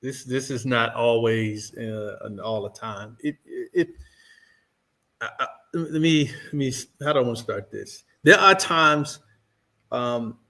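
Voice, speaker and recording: A man's voice: mid-range voice, takes it slowly, bright, forceful tone. A male guest in a casual chat, hesitant and restarting often as he gathers his thoughts.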